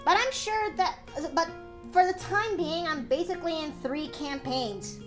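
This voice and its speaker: A woman streamer chatting casually on a voice call, excitable and rambling with many fillers. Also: very high-pitched, a little slow. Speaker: streamer host. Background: background music.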